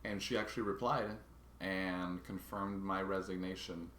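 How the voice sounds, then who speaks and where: A man vlogging casually, telling a story in a halting way and often restarting his words. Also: deep voice, steady tone, a bit bright, echoey room, a little hiss or hum. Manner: halting, restarts and repeats words while recounting a grievance.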